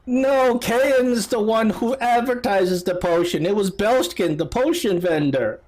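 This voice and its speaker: Man putting on a desperate poor mother, high shaky pleading voice, tabletop game. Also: unhurried, a little mellow. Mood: insistent.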